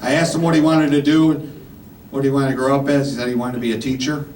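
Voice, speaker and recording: On a comedy club stage, a man in his fifties performs a punchy, rambling stand-up set, tossing in "right?" and "man" as he goes. He talks fast in a mid-range, darkish voice with little pitch movement. The echoey club mic picks him up from far off, with audience noise and laughter around him.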